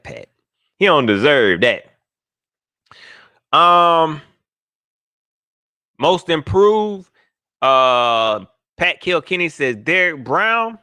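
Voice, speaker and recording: A man hosting a live call-in sports show, animated and slangy, joking as he reads viewer comments aloud. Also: fairly high pitch, drawn-out words, long pauses, smooth, dry recording. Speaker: sports podcast host.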